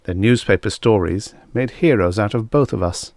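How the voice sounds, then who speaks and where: A man reading a vintage science fiction story aloud in steady first-person narration. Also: lowish voice, moderate pace, no room sound, clean studio sound. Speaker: audiobook reader.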